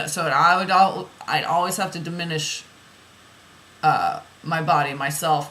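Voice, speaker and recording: A woman's voice: low-pitched, pushed and bright, a little hiss or hum, poor audio. A woman reading oracle card messages aloud, then musing about them in loose, rambling asides that repeat phrases.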